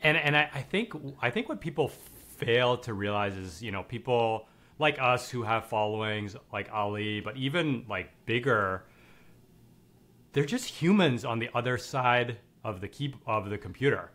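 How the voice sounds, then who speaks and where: A man's voice: mid-range voice, expressive, normal speed, a bit bright. A man hosting a podcast, chatting casually with lots of fillers and bursts of enthusiasm. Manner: enthusiastic, loose, swears casually, many "like" fillers. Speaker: podcast host.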